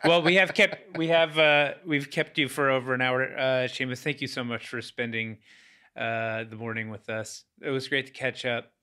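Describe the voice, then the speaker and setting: A man's voice: mid-range voice, steady tone, normal speed, bright, forceful tone, smooth. A man hosting a podcast, wrapping up an interview in a friendly, brief way. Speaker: podcast host. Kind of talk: casual interview chat.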